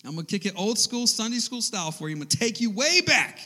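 Animated high-voiced male preacher. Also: fast talker. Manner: animated, conversational storyteller. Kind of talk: sermon with personal storytelling. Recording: echoey hall.

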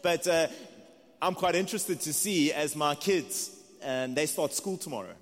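A man's voice: a little high, moderate pace, faint music behind. A man in his thirties with a South African accent, preaching a sermon in a conversational, earnest way. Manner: conversational, earnest, with restarts and asides. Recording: long reverb of a large hall.

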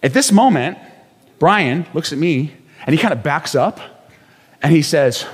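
Male pastor, lively sermon storyteller, slightly high voice, long hall reverb. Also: unhurried, pauses often, breathy edge. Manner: animated storyteller, acts out quotes.

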